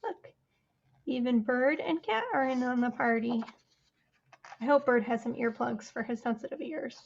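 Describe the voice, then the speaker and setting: A woman librarian reading a picture book aloud to children, chatty and animated, asking them questions along the way. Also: fairly high pitch, normal speed, creaky, lo-fi sound, a little hiss or hum. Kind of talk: storytime read-aloud for children.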